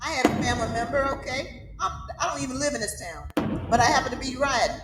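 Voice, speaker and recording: A woman's voice: high-pitched, animated, quick pace. A middle-aged woman from the American South with a Southern accent, hosting her own show with emphatic, fiery preaching that keeps checking in with "okay?". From Southern United States. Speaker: host. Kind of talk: casual monologue. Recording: echoey room with audible noise.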